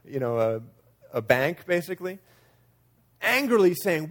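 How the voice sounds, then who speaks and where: Guy preaching a sermon, kinda chatty, voice a bit on the high side, acts out the quotes. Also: big pitch swings, a little slow, long pauses, a bit bright. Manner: conversational, acts out quoted lines with shifting emphasis. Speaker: pastor.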